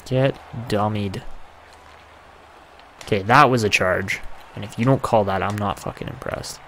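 A man's voice: lowish voice, unhurried, sharp tone, a little hiss or hum. A young man giving casual, swear-filled commentary over a hockey video game, often frustrated. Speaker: gaming YouTuber.

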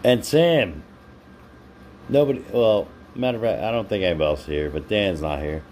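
A man's voice: fairly low pitch, animated, normal speed, a little mellow, a little hiss or hum. A man hosting a casual live stream, chatting with viewers by name and laughing often while he reads their comments. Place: home.

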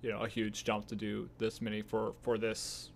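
A man co-hosting a podcast in casual chat, speaking in a hesitant, halting way as he searches for words. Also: fairly low pitch, completely flat delivery, gravelly, slight background noise. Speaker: podcast co-host.

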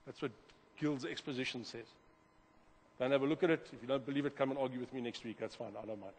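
A man preaching a sermon as pastor, animated, repeating words and swinging from loud to quiet. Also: medium pitch, fast, slight background noise. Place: church hall. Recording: long hall reverb.

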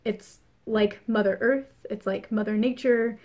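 A woman's voice: medium pitch, fairly even intonation, unhurried, a little mellow. A woman giving a casual spoken astrology forecast, chatty and earnest, repeating phrases for emphasis. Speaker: spiritual reader.

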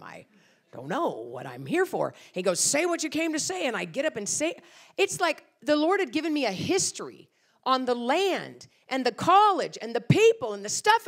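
A middle-aged woman preaching a sermon, telling stories with lots of acted-out quotes. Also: medium pitch. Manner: animated storytelling with acted-out quotes. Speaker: guest speaker.

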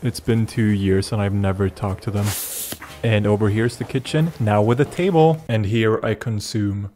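A young man, vlogging in a dry, deadpan comedic way. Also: on the low side, moderate pace. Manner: deadpan, dry absurd humor. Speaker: YouTuber. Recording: music playing underneath.

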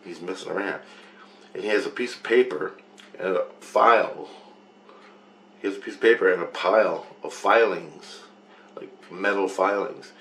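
Man, lowish voice, rambling first-person account, profane, circles back on the same phrases. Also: moderate pace, pauses often, a bit bright.

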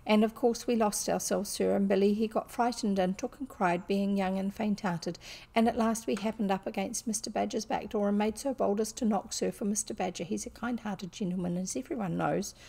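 A woman's voice: mid-range voice, fairly even intonation, fairly quick, vocal fry, mellow. A woman voicing a polite, rustic young male hedgehog who answers deferentially with plain country grammar, in a storybook reading. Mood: respectful. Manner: deferential, countrified grammar, says sir a lot.

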